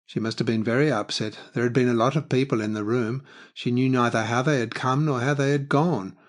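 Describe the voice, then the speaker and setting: A man narrating a literary audiobook in a measured, expressive reading. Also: mid-range voice.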